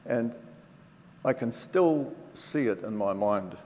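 An older man giving a personal faith testimony to an audience, telling it earnestly and from the heart, with pauses and restarts. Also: mid-range voice, expressive, dark tone. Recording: reverberant hall with faint background noise.

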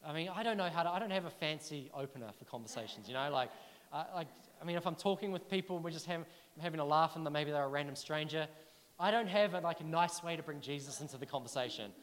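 A man preaching a sermon, telling personal stories in a chatty, animated way and asking the listeners questions. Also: on the high side, quick pace, big-room sound. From New Zealand.

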